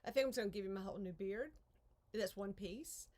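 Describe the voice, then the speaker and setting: A woman's voice: medium pitch, fast, a little mellow. A woman hosting a casual craft live stream from her home art studio, chatting in a rambling way, interrupting herself and sighing over her troubles. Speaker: craft channel host.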